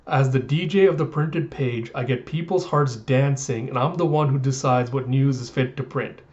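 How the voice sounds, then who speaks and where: A man's voice: medium pitch, normal speed, a little mellow, muffled recording, lightly acted. A man voicing a brash greedy bird-man press boss. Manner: brash, showy boasting.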